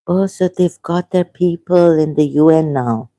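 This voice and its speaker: Low, halting woman from Pakistan. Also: mellow. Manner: halting, many fillers and restarts, shocked exclamations. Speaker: livestream host reading viewer comments. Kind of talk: casual livestream talk.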